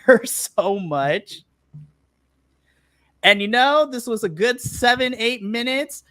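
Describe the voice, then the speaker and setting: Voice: medium pitch, fairly bright tone, no room sound. A podcast co-host giving a casual recap, chatty, laughing often and acting out their own reactions. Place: remote live stream.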